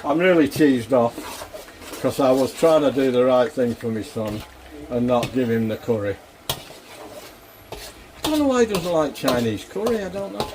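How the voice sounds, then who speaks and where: In a casual cooking chat with slight background noise, an older cooking vlogger talks in a medium-pitched, darkish voice. He rambles and chuckles in a plain-spoken way as he cooks at home.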